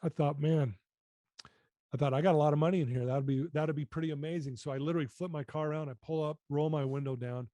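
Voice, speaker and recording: A man's voice: fairly high pitch, steady tone, fast, dark tone, dry recording. A man in his fifties telling his personal story as a podcast guest, earnest and emotional.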